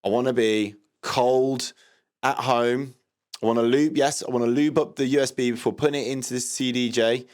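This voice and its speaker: A man hosting a livestream, rambling in a deadpan way with lots of ums and restarts. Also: medium pitch, moderate pace. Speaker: livestream host doing a comedy DJ character. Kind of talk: deadpan improvised livestream comedy.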